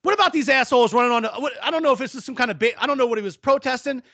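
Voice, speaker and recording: A high-pitched man with a bright, forceful edge rants about football on a casual podcast. He talks bluntly and swears constantly. His voice sounds dry, close and clean. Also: racing, dry recording. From New Orleans area. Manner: blunt, profane, ranting. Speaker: podcast co-host. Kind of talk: casual sports chat.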